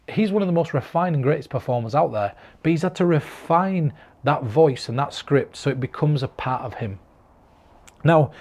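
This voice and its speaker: A man from northern England records himself on camera and speaks directly to the viewer. His voice sits a little high for a man. His delivery is earnest and encouraging, like a performer passing on practical advice. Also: darkish tone. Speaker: mentalist giving performance advice.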